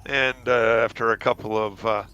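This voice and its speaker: A man's voice: on the low side, level tone, normal speed, pushed and bright, lo-fi sound, slight background noise. A man chatting casually on a headset in a group voice chat, rambling with many fillers, a little tipsy and half asleep.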